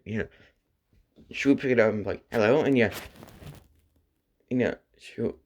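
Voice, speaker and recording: A man's voice: on the low side, a little mellow. A man casually retelling an improvised fan story, rambling with lots of fillers.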